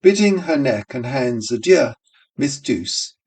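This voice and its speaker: Slow, rhythmic male reader, set back from the mic. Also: mid-range voice, very animated, darkish tone, distant mic. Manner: slow, rhythmic, musical phrasing. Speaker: audiobook reader. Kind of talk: literary reading aloud.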